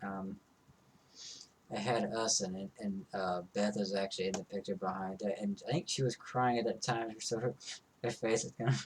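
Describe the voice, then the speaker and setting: A man's voice: on the low side, steady tone, moderate pace, slight background noise. A young man chatting casually with his wife, answering hesitantly in short replies. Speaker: vlogger's husband. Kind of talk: casual chat.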